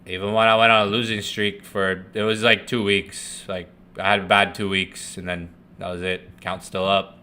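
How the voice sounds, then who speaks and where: Deep-voiced man cursing on a trading stream. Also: level tone, moderate pace, pushed and bright, clean tone. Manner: loose and profane, swings between hype and muttering. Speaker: forex trading livestream host. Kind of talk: casual live-stream chat.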